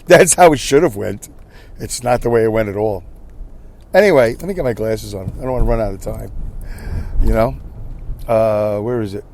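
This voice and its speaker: A man's voice: lowish voice, normal speed, long pauses, darkish tone, slight background noise. A man hosting a podcast, telling a story in a casual monologue with exasperated ranting and frequent restarts. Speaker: podcast host.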